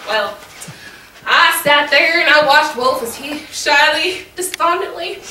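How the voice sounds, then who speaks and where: A woman storyteller telling a tale in character, playful and animated, teasing her audience, recorded from afar in an echoey room. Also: high-pitched, measured pace. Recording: echoey room, distant mic, faint noise.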